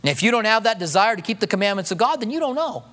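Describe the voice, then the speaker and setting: High-voiced man preaching a conversational sermon. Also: big pitch swings, very fast. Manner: conversational preaching with rhetorical questions; drops to a soft hush when voicing prayers. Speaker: pastor. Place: church.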